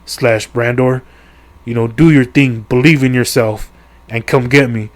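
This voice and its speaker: A middle-aged man voicing a calm male hero in a game, speaking softly and slowly to reassure the heroine. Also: mid-range voice, dry recording, lightly acted. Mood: encouraging. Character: calm, encouraging male hero watching over.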